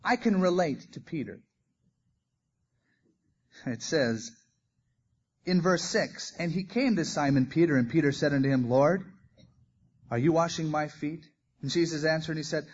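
A man's voice: fairly high pitch, lively intonation, moderate pace, pauses often, husky. A man preaching a sermon, telling stories with animation and acting out the quoted lines. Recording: dull lo-fi recording.

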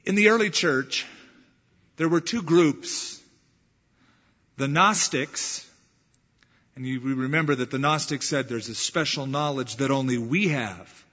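A man's voice: medium pitch, measured pace, pauses often, sharp tone, slightly rough. A man preaching a sermon as pastor, earnest and emphatic, rising to stress key words. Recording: dull, muffled 1990s church recording with long reverb.

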